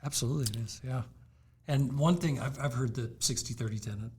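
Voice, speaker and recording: A man's voice: mid-range voice, a little fast, a little mellow, breathy edge. A man co-hosting a podcast, chatting casually and agreeing briefly, a bit away from the microphone. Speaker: podcast co-host. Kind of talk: casual chat.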